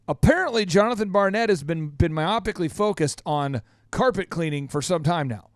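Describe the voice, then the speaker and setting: A man's voice: a little high, expressive, fairly quick, no room sound, studio quality. A man hosting a business podcast, teasing his guest in playful, exuberant banter. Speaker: podcast host. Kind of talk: lively radio show banter.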